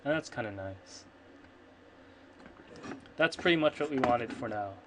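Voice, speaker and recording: A man's voice: mid-range voice, animated, measured pace, very noisy. A man streaming his programming work, thinking aloud in a rambling, self-correcting way and muttering to himself. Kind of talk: casual thinking-aloud coding screencast. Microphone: computer microphone. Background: keyboard typing and clicks.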